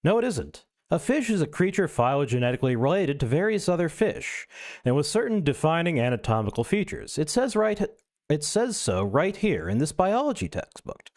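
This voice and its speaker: A man's voice: fairly high pitch, big pitch swings, normal speed, a little mellow. A male streamer reading an essay aloud, breaking in with wry, self-mocking asides.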